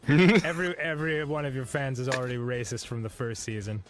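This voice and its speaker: A man co-hosting a gaming show, playful and quick to tease. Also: medium pitch, steady tone. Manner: playful, teasing, quick with jokes. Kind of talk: casual gaming chat. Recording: music playing under the voice.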